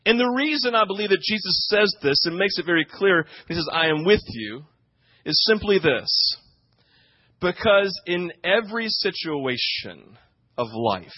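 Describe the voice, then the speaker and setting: High-voiced pastor on a dull recording. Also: male voice, lively intonation, normal speed, no echo. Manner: keeps asking the audience "right?"; acts out quoted speech with energy. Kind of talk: sermon.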